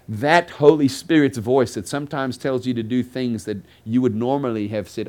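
A man's voice: medium pitch, moderate pace, hardly any pauses, a little mellow. A man preaching a conversational sermon to a congregation in a church building, repeating his phrases and dropping joking asides to the listeners. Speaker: pastor.

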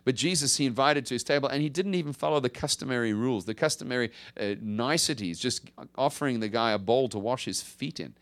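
A male pastor preaching a conversational sermon, swinging from emphatic rises to hushed drops. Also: medium pitch, fast talker, hardly any pauses.

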